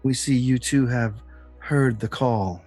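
A man's voice: mid-range voice, slow, a little mellow, soft background music. A man voicing a sly purple-skinned hag leader. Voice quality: oddly youthful voice.

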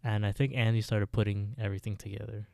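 A man's voice: on the low side, level tone, quick pace, gravelly, darkish tone, dry recording, clean studio sound. A man casually recapping a TV episode as a podcast co-host, telling the story in a laid-back way.

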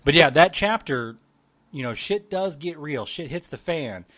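A man's voice: on the high side, lively intonation, measured pace, a bit bright. A man co-hosting a podcast, chatting in an easygoing, rambling way with fillers. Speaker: podcast co-host. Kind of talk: casual chat.

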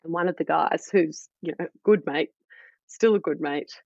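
An energetic woman talks in a husky, slightly low voice, telling frank, self-deprecating stories as a podcast guest. The recording is dry and a little dull, like a lo-fi call mic. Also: normal speed, no room sound. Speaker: guest, startup founder and former midwife. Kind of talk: casual podcast conversation.

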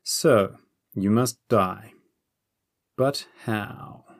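A man voicing a cold, menacing masked sorcerer lord in an audiobook, with icy, drawn-out threats. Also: fairly low pitch.

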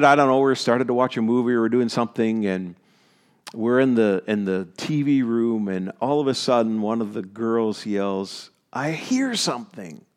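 Middle-aged male pastor from Maritime Canada, mid-pitched voice, storytelling sermon with repeated emphatic phrases.

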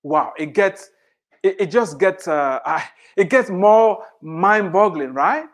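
A preacher delivering a fervent sermon, voice leaping high and dropping low as they drive each point home. They repeat key phrases and pile up rhetorical questions to press the congregation. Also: expressive, slow. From immigrant to the United States.

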